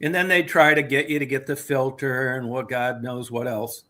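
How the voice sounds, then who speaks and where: A man's voice: medium pitch, level tone, moderate pace, bright, forceful tone. A man telling a heated, profane story in casual chat as the host.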